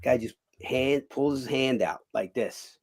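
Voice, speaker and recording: A man, a former boxer and cut man, telling animated stories as a guest in a casual interview and swearing freely. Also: medium pitch, measured pace, husky. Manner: animated storyteller who acts out other people's lines and swears freely.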